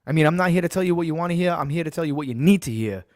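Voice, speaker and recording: A man's voice: fairly high pitch, animated, very fast, dry recording, studio quality. A man from Massachusetts hosting a sports podcast, ranting bluntly and profanely and hammering his points home by repeating them.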